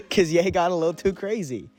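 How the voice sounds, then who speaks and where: A young man co-hosting a podcast, casually telling a story with frequent laughs and quick asides. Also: sits high, huge pitch swings. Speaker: podcast co-host. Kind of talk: casual chat.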